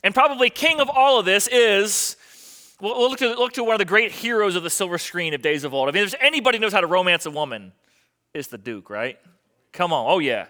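High, bright-voiced male preacher. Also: animated, quick pace. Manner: emphatic, repeats key phrases. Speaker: pastor. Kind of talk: sermon.

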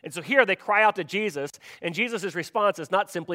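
A male pastor preaching with a pitch a little above the usual. His delivery is chatty and informal, and he keeps checking in with his listeners as he goes. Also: expressive, a little fast, few pauses, sharp tone. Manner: conversational, asks the congregation questions. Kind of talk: sermon.

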